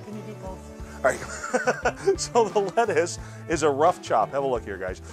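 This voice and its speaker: A man talks viewers through a recipe in a loose, chatty way, often repeating himself. His slightly high voice swings up and down with lively energy. Faint music plays under his voice. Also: measured pace. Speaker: cooking channel host. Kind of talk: casual cooking demonstration.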